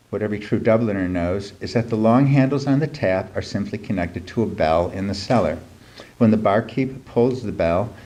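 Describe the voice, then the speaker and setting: A man's voice: on the low side, a little mellow. A middle-aged man reading his humorous essay aloud at a live reading event, dry and wry, with many ums between phrases. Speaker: writer reading his piece.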